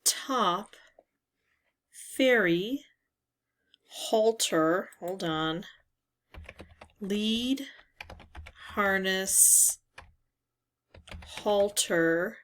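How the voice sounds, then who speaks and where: A woman hosting a word puzzle video, musing slowly as she reads the words aloud one by one. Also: mid-range voice, a bit bright. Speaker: word game video host. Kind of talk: casual puzzle talkthrough.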